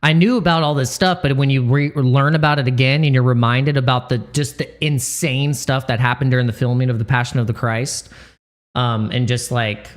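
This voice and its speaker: A man hosting a livestream who talks in a halting, emotional way, full of restarts and fillers, choked up and close to tears. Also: medium pitch, fairly even intonation. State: tearful, choked up. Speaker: crypto livestream host. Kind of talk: casual livestream chat.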